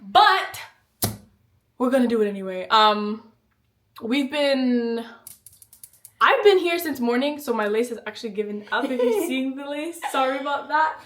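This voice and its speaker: A woman's voice: high-pitched, animated, measured pace, pauses often, fairly bright tone. A woman with an American accent, co-hosting a casual podcast chat, speaking candidly, laughing and swearing freely. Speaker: podcast co-host. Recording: roomy echo, mic at a distance.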